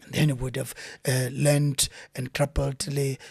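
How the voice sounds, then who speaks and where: A middle-aged South African man talks in a relaxed interview, and his voice climbs and falls as he gets caught up in his stories. He often restarts his sentences and repeats words. The room sounds dry and close. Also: a little slow, gravelly, breathy edge, no echo. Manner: animated storyteller, lively pitch swings, many restarts. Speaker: veteran actor, interview guest. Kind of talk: casual interview chat.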